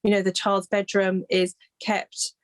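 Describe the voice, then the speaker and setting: A woman in an interview gently explaining her grief recovery work, with a soft, reflective manner and frequent pauses and restarts. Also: medium pitch, level tone.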